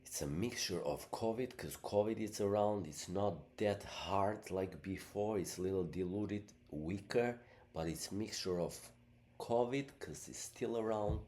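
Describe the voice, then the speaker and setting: A man's voice: on the low side, measured pace, a little mellow. A middle-aged man, an Albanian native speaker, talking in a rambling casual monologue with many fillers, his voice blocked up from a month of illness. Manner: rambling, many fillers like "you know what I mean". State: sick, congested voice.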